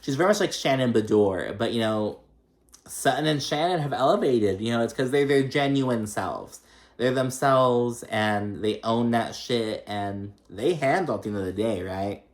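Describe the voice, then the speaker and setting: A young man hosting a casual reality TV recap, chatty and profane, laughing often and mimicking people in a high voice. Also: animated, normal speed.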